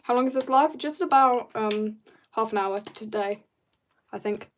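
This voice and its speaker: Woman, bubbly livestream chat while drawing, chatty, lively pitch jumps, faint background noise. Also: moderate pace. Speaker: livestreaming artist.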